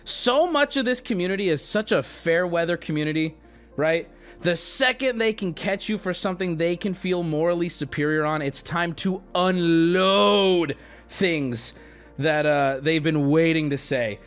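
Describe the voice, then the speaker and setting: A man hosting a livestream, talking straight to his chat in a casual, animated way and swearing freely. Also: a little high, measured pace, soft background music. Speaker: livestream host.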